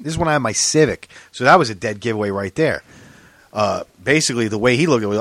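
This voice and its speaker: A man's voice: on the low side, lively intonation, brisk, fairly bright tone, no echo. A man hosting a casual podcast, telling his own stories with lots of swearing and acting out both sides of each conversation. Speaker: podcast host. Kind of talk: casual profane storytelling chat.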